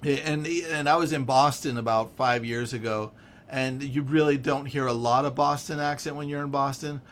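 A man from San Francisco with a Californian accent, chatting casually in an animated, rambling way and laughing often. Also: medium pitch, normal speed, slight background noise. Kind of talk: casual chat.

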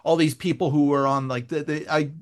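A man and writer telling a story in casual podcast chat, animated and rambling, with many fillers and restarts. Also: a little high, a little fast.

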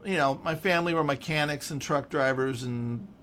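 This is a man with a Californian accent, talking casually in a slightly raised voice. He rambles and gets animated, and he laughs often as he goes. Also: on the high side, moderate pace, slight background noise. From San Francisco. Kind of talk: casual chat.

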